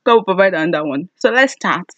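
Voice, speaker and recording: A woman's voice: fairly low pitch, fast, no echo, low-quality recording. Giggly young woman vlogging. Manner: excitable, giggly, loud exclamations. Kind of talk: casual chat to camera.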